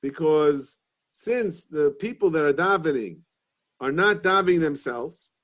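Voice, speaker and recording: A man giving a Talmudic lesson, reasoning aloud in halting, repeated phrases. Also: fairly high pitch, fairly bright tone. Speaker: Torah class teacher. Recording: dull lo-fi sound.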